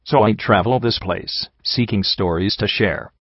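A man voicing a gentle, wise female zebra storyteller, a mother, in a measured, formal, gently teasing way, in a fan audiobook reading. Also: lowish voice, vocal fry, breathy edge, no echo, exaggerated voice. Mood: thoughtful. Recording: dry, slightly muffled lo-fi recording.

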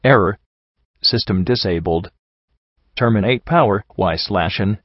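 A man voicing a computer terminal in a flat, clipped way, recorded dull and dry. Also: on the low side, measured pace, no room sound. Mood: mechanical.

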